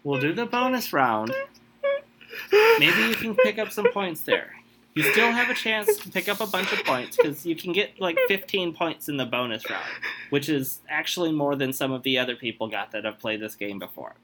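A man on a comedy podcast running a movie quiz game, talking in an animated way with exasperated outbursts. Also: on the high side, moderate pace, noisy background.

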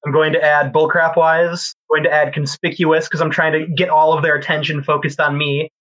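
A man's voice: a little high, flat delivery, a little fast, fairly bright tone, rough recording. A man playing in a tabletop game, casual and playful with laughing asides. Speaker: player.

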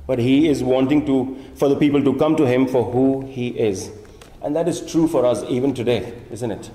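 A pastor delivering a sermon, animated and acting out imagined prayers and complaints as he teaches. He is a man with a fairly high, warm, mellow voice. The sound rings with long reverb in a large, echoey church hall.

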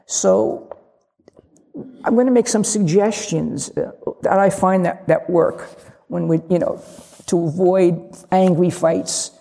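Older woman, gravelly, in a reverberant hall. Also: on the low side, takes it slowly, warm tone. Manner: candid, humorous, acts out little dialogues. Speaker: lay Zen teacher. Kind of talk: dharma talk. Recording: long reverb of a large hall.

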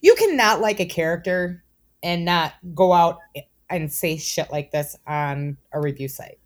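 A woman's voice: on the low side, lively intonation, a little slow. A woman co-hosting a podcast in casual chat, blunt and emphatic, swearing for stress. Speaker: podcast co-host.

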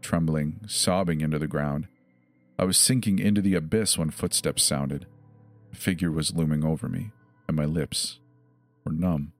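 Deep voiced guy reading a creepy story, slow and grave, quiet music behind. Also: steady tone. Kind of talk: scripted horror narration. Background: faint music.

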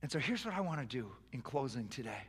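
A man leading a sermon's closing prayer, moving from hushed, tender prayer to loud, forceful proclamation. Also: mid-range voice, big pitch swings, quick pace, slightly rough, long reverb tail. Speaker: pastor. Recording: live sermon with music behind. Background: soft worship music.

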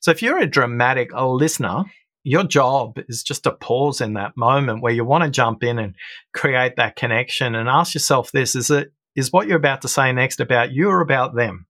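A man's voice: mid-range voice, moderate pace, bright, forceful tone, dry recording, clean studio sound. Middle-aged man explaining listening. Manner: storytelling, explanatory, acts out quoted voices. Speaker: guest, listening expert. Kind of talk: conversational interview.

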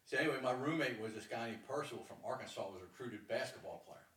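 A middle-aged man from Maryland, a lacrosse coach, telling a story in a casual, animated way and acting out the voices of people in it. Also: mid-range voice, fast, distant mic. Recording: roomy sound from off the mic.

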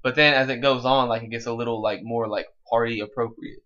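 A man's voice: mid-range voice, fairly even intonation, fairly quick, bright, forceful tone, dull audio. A man co-hosting a casual music review chat, laid-back and slangy, working through his thoughts with restarts. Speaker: music podcast co-host.

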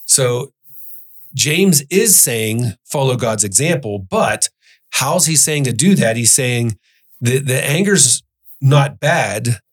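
A man's voice: mid-range voice, animated, breathy edge. Earnest man leading a Bible discussion. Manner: earnest, reads scripture aloud slowly. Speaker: podcast host.

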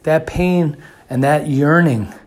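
A man's voice: on the high side, slow. A man giving a sermon who repeats phrases for emphasis and often restarts his sentences. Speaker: religious speaker.

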